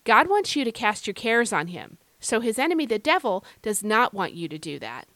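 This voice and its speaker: A woman's voice: a little high, big pitch swings, moderate pace, a bit bright, no room sound. Earnest Irish woman, dry close sound. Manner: earnest, encouraging, conversational. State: recovering from feeling unwell. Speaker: podcast host. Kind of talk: devotional Bible podcast talk.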